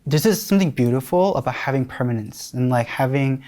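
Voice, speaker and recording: Guy in his 30s from new york, telling his own story in an interview, open and emotional, restarts a lot, middle pitch. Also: expressive, a little fast, a little mellow. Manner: candid, emotional, with frequent restarts.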